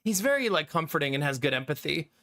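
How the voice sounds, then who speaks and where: A man in his thirties chats with his live-stream audience in a loose, joking way and laughs often. His voice is bright and forward, and his pitch jumps around animatedly as he tells stories. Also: sing-song, fast talker. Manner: giggly, joking, talks to chat. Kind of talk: casual live-stream chat.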